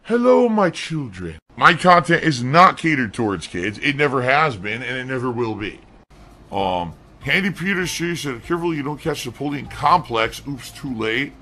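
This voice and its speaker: A man's voice: medium pitch, animated, moderate pace, sharp tone, slight background noise. A man streaming live, reading out donation messages and answering them defensively and sarcastically. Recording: stream clip with faint music.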